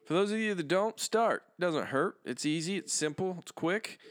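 A man co-hosting a podcast, easygoing and quick to laugh, rambling through plugs with fillers. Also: high voice, expressive, no echo, clean studio sound. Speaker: podcast co-host. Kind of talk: casual chat and show plugs.

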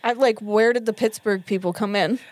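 Woman co-host, mid pitch, dry close sound, casual and swearing, quick to laugh. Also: fairly even intonation, no room sound. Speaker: podcast co-host. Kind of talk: casual chat.

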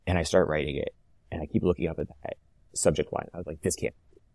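Low-voiced man in his thirties telling his story. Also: fast, no echo. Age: 30s. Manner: animated, reenacts dialogue, frequent "like" fillers. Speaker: interview guest, cancer survivor. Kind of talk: conversational storytelling.

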